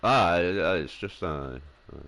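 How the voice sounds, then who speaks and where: Young male streamer with a lowish voice: loose, sweary, filler-heavy chat. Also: expressive, slow, fairly bright tone. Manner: rambling, sweary, full of fillers. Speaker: gaming streamer. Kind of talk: casual chat while gaming.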